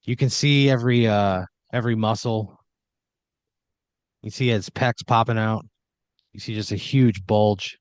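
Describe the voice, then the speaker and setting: A man's voice: on the low side, steady tone, measured pace, long pauses, no echo. A young man hosting a podcast, improvising a comedy story in a rambling, swearing, filler-heavy way.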